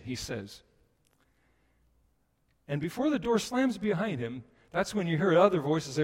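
A man preaching a sermon as a pastor, telling the story with animated delivery and acting out the voices of people he quotes. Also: fairly high pitch, normal speed, long pauses, big-room sound.

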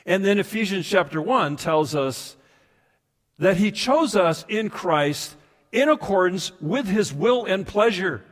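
A man preaching a sermon as pastor, emphatic at times and then dropping to soft, intimate asides. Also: high-pitched, expressive, takes it slowly. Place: church sanctuary. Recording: reverberant hall sound.

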